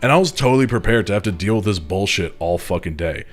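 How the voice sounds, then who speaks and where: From a home setup with a desk mic, a deep-voiced man who moderates a Discord community streams casual chat to his audience at a quick pace with lively intonation. He rambles through profane stories, mocking people and laughing at his own jokes, while soft music plays faintly in the background.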